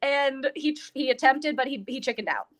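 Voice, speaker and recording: A woman chatting on a podcast as she recaps a movie. Her voice is at an ordinary pitch, and she keeps jumping into the characters' words to tell the story. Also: moderate pace, fairly bright tone. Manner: chatty, acts out characters' lines. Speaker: podcast co-host. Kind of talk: casual movie discussion.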